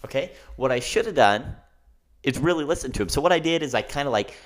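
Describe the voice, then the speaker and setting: Male podcast host, solo rant, emphatic and heated, mid-pitched voice. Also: animated, quick pace. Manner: emphatic, ranting, keeps asking "okay?".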